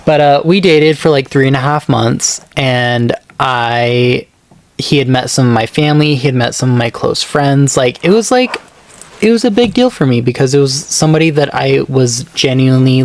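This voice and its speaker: A man co-hosting a podcast, telling a personal story in a casual, rambling way, full of fillers and acted-out quotes. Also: normal speed. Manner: rambling, filler-heavy, acts out quoted texts in a higher voice. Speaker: podcast co-host.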